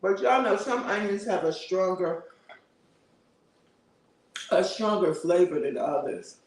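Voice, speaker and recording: Host type: high-pitched man, chatty live streamer who laughs a lot, sitting back from the mic. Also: expressive, slow pace, recorded from a distance. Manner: chatty, laughs often, answers viewer comments. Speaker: livestream host. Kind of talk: casual livestream chat. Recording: roomy, a bit off-mic.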